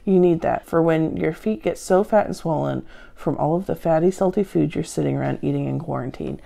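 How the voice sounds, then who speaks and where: A woman with a low, heavily gravelly voice and a mellow, dark tone answers viewer questions. Her delivery is deadpan and sarcastic, full of self-mocking asides. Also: fairly quick. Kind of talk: deadpan comedic Q&A. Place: at home.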